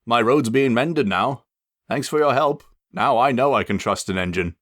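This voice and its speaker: A man's voice: medium pitch, normal speed, a bit bright, no echo, clean studio sound, voice pushed up, lightly acted. A man voicing a talking male bus who speaks in a huffy, complaining way. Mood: cheerful.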